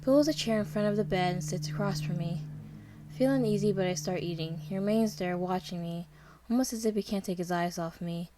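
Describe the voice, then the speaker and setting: A woman narrating a dark story in the first person, with a dramatic, tense and fearful delivery. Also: fairly low pitch, brisk. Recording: noisy background hiss.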